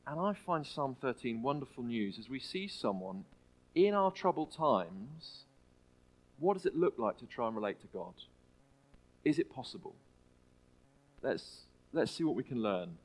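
Earnest male preacher with halting restarts. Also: mid-range voice, big pitch swings, rough recording. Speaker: pastor. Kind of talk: sermon. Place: church.

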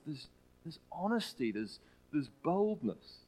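A man preaching a sermon in a church, earnest and halting, often restarting his phrases. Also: mid-range voice, animated, poor audio. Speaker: pastor.

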